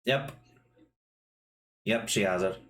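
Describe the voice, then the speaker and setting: Casual game master with an unhurried delivery, swears freely, narrates the action and checks rules out loud. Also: sits low.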